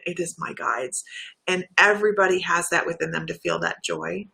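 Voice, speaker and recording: A woman hosting a livestream as a psychic healer, chatty and effusive, laughing often and talking in quick bursts. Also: medium pitch, bright, forceful tone. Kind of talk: casual livestream chat.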